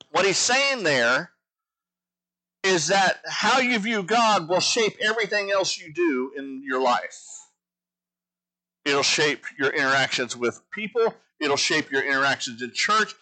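A man preaching a teaching sermon with a bright, forceful voice pitched a bit high. He builds his points earnestly, stacking repeated phrases for emphasis. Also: expressive, measured pace, rough recording. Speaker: pastor.

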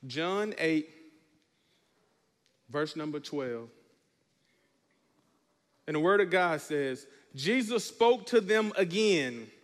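High-voiced pastor preaching in a hall. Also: male voice, animated, slow, pauses often. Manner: preaching, asks the congregation to respond. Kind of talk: sermon. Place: church.

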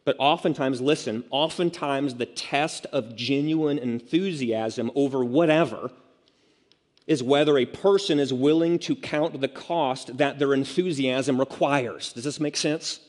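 Guy preaching a sermon, chatty and joking at his own expense, mid-pitched voice, long hall echo. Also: measured pace, a little mellow. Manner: conversational, self-mocking asides, acts out quotes. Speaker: pastor. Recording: long reverb of a large hall.

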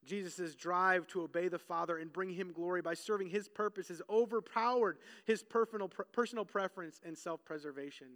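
High-voiced, animated preaching man. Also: fairly quick, hardly any pauses, in a large hall. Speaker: pastor. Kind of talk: sermon.

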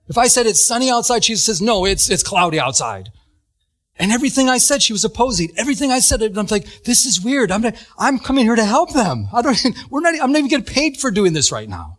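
A man delivers a sermon built around a personal story, voicing the people in it as he goes. His voice sits high for a man, and he talks in a lively, expressive way with frequent laughter. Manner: animated storytelling, acts out quotes, laughs often. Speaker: preacher.

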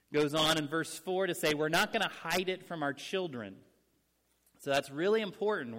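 A man's voice: on the high side, a bit bright. A man preaching a teaching sermon to a church congregation, earnest and explanatory, stretching key phrases for emphasis. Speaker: pastor. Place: church sanctuary with young people present. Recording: long hall reverb.

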